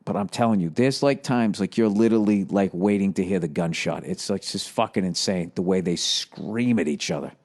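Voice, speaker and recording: A man's voice: sits low, brisk, few pauses, darkish tone. A man in his forties with a Boston accent, hosting a podcast in a rambling comedic monologue, grumpy, profane and worn out. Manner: grumpy, profane, ranting with sarcastic asides. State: mentally exhausted. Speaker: podcast host.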